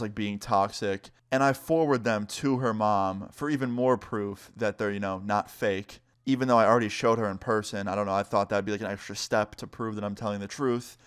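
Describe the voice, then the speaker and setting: A young man in his twenties telling a casual story time vlog, animated and swearing, speeding up and slowing down. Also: fairly low pitch, smooth.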